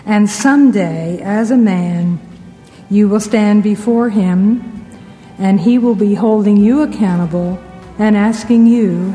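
Woman, Christian speaker, anecdotal sermon, warm tone, long hall reverb. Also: mid-range voice, takes it slowly, soft background music. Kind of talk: storytelling sermon talk.

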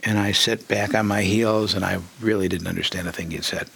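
An older man, a physician and interview guest, telling stories in a lively way, acting out voices he quotes and laughing often. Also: lowish voice, a little fast, gravelly, breathy edge. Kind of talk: storytelling interview.

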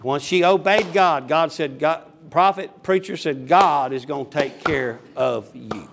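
A preacher in his fifties, his voice sitting a touch higher than most men's. He reads scripture aloud and then drifts into rambling, funny down-home stories. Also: a little slow, creaky, fairly bright tone, slight background noise. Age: 50s. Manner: rambling down-home storytelling with humorous asides. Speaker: pastor. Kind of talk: folksy sermon with scripture reading.

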